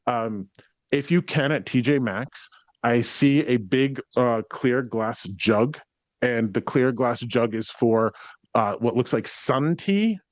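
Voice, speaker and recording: Giving a sitter a spirit reading, this male psychic medium hesitates and wanders, dropping ums and likes and cursing as he relays the spirits. He speaks slowly in a mid-range voice, and the recording is dry.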